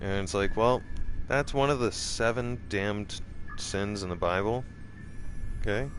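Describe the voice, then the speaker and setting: Profane, animated man telling a story. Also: lowish voice, slow pace, music in the background. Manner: animated, profane, repeats himself. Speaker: vlogger. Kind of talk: casual storytelling monologue.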